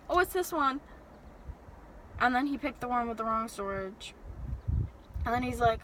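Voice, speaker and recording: A young woman telling an animated, exasperated story-time rant from her parked car. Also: fairly high pitch, normal speed, pauses often, slight background noise, low-quality recording. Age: young adult. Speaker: vlogger.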